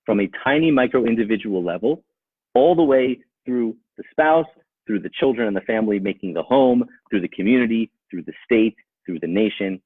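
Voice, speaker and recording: A man's voice: lowish voice, husky, no echo. A man speaking as a rabbi, giving a rhetorical talk that argues with imagined objections and builds to emphatic peaks. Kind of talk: animated Torah talk. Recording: tinny phone-like sound, dry.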